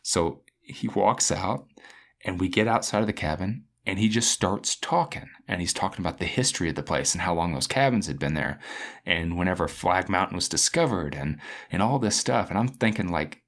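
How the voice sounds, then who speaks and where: Podcast guest, low-voiced storyteller, lively, acts out the voices. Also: male voice, normal speed, creaky. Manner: animated, acts out the people in his stories. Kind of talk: casual storytelling.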